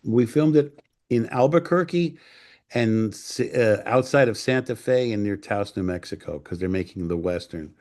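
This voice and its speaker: An older man from New York, a film director telling profane, animated stories in a casual interview and acting out what others said. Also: lowish voice, moderate pace. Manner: profane, animated anecdotes with acted-out quotes. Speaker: screenwriter and director guest.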